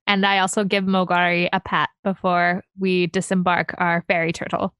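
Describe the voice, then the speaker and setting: A woman's voice: on the low side, flat delivery, moderate pace, fairly bright tone, clean tone, no room sound. A woman playing a tabletop game with playful in-character asides. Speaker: player.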